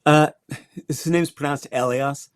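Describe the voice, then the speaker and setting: A man's voice: medium pitch, normal speed, no echo, clean studio sound. An older man from Connecticut, a guest astrologer, telling his story in a reflective way with small restarts. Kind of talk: interview conversation.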